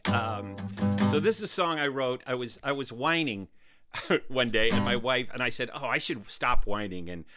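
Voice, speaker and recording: A man who is a storyteller and musician, chatting in a relaxed, rambling way with many fillers as a radio guest from his own studio. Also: medium pitch, moderate pace, loud music behind the voice. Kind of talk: casual radio interview chat.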